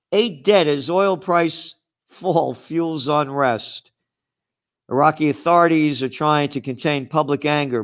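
A man hosting a ranting news commentary, angry and sarcastic, mocking his targets with outraged asides. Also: a little high. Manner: mocking asides, blah blah dismissals. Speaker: host.

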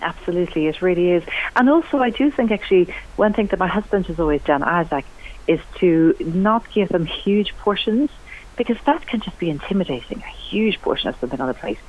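A woman's voice: on the low side, fairly quick, slight background noise. An enthusiastic woman talks about cooking as a guest on a radio show. Her voice jumps up for emphasis as she chats. The sound is dull and lo-fi, like an old broadcast. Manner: chatty, enthusiastic, lively rising emphasis. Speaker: cookery writer and TV cook, guest. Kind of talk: radio interview chat.

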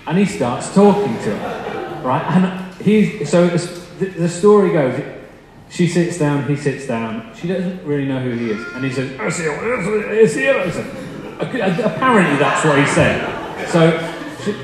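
A man's voice: on the high side, expressive, measured pace, a crowd in the background. A young man preaching a sermon, telling funny stories in a chatty, self-deprecating way before turning to the scripture. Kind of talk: storytelling sermon. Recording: echoey hall with long reverb, faint noise.

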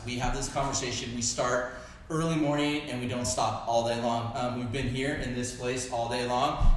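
A man talks in a casual, enthusiastic way and rambles with plenty of fillers. His voice sits in the middle range. He sounds very echoey, with a faint hum of room ambience behind him. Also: mid-range voice. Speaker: podcast host, business co-founder. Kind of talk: casual chat.

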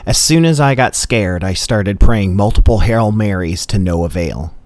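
A man's voice: on the low side, animated, moderate pace, a little mellow, no echo. A man telling a comedic personal story in a dry, matter-of-fact way. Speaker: storyteller host.

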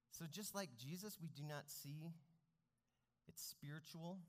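An earnest male pastor delivers a sermon with a lively, swooping pitch and a fairly high voice for a man. His words ring out with the long reverb of a large church hall. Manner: earnest, rising and falling emphasis.

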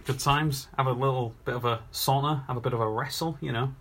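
A man's voice: mid-range voice, steady tone, fairly quick, a bit bright, a little hiss or hum. A man hosting a podcast in casual chat, running a quiz in a dry, joking manner.

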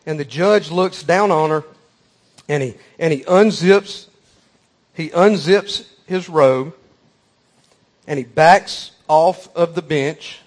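A man's voice: a little high, takes it slowly, long pauses. A man preaching a sermon, telling a folksy story with emphatic repeated phrases.

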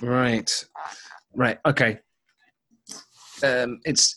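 A man's voice: medium pitch, fairly even intonation, very slow, creaky, long pauses, sharp tone. A man co-hosting a casual podcast, bantering and swearing freely as he reads out news items. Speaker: podcast co-host. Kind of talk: casual chat.

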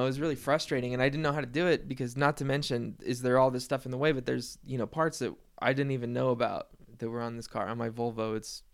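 Casual male vlogger, mid-range pitch, smooth tone, rambling and profane. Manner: rambling, profane, self-deprecating storytelling with laughs.

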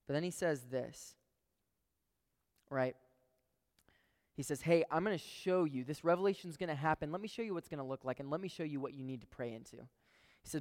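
A man's voice: a little high, darkish tone, clean tone. A young man preaching a sermon, telling a story and talking earnestly to the crowd. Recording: long hall reverb.

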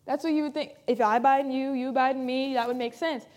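A woman's voice: sits high, steady tone, fast talker, a little mellow. A woman pastor preaching a sermon in an earnest, emphatic way, repeating key phrases for weight.

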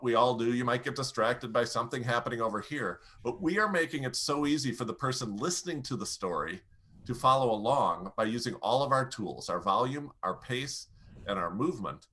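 A man speaking as a presentation coach, animated and explaining with lively shifts in pace and loudness. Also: medium pitch. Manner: demonstrates pace and volume changes, animated. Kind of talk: energetic coaching talk.

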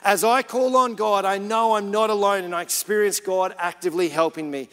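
High-voiced man preaching in a big hall. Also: steady tone, brisk, fairly bright tone. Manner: casual preaching, rising to urgent emphasis. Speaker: pastor. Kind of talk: sermon. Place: church. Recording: church hall reverb.

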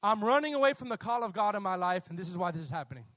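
A man preaching, voicing the runaway prophet Jonah in a low, resigned way. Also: lively intonation, racing, a bit bright, dry recording, studio quality.

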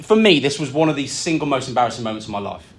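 A man, co-hosting a live podcast and telling stories with lively delivery in a function suite. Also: medium pitch, very fast. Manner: lively storyteller, acts out quotes. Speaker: podcast co-host.

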